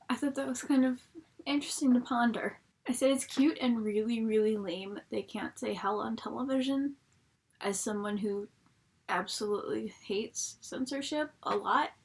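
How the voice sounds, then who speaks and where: Young woman, husky, bit high, casual rambling reviewer who swears. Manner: chatty, rambling, swears freely. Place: home, at a laptop.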